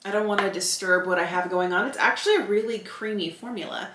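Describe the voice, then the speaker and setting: A woman's voice: mid-range voice, fast, noisy background. A woman in her fifties doing a casual makeup product review, candidly thinking aloud as she applies each item. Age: 50s. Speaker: beauty vlogger. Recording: roomy echo.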